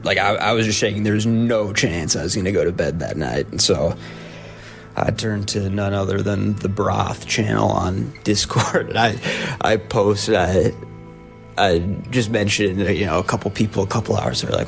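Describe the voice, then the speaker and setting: A young man telling a personal story in a halting way, with nervous laughs. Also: fairly low pitch, creaky, faint music behind.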